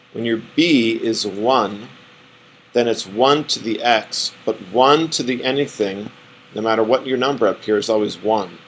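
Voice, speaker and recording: Guy teaching math at the board, kinda low gravelly voice, wanders a bit, faint hiss behind. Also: rough recording. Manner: rambling, self-correcting, drawing on the board. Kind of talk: classroom lecture.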